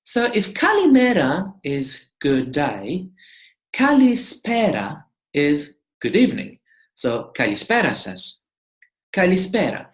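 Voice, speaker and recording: Very low-voiced woman teaching slowly. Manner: repeats each word several times, explaining patiently. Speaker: language teacher. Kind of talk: slow beginner lesson with repeated drills. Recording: echoey room.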